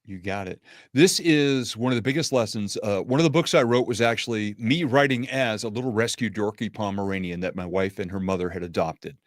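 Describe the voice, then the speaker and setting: A man speaking as a podcast guest and motivational speaker in casual interview chat, with a smooth radio-announcer delivery. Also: lowish voice, a little fast, hardly any pauses, no room sound, clean studio sound.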